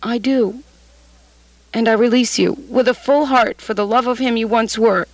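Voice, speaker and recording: An actress playing a sorrowful young woman who gently lets her fiancé go in a radio drama. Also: a little high, steady tone, moderate pace, no room sound, lightly acted, low-quality recording. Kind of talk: 1980s radio drama acting.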